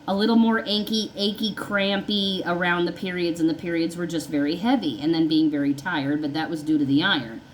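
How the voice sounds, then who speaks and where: A woman's voice: fairly low pitch, slight background noise, poor audio. A woman telling her own story in a casual, rambling way, often acting out what people said. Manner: rambling, conversational, repeats herself, acts out dialogue. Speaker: vlogger sharing her story.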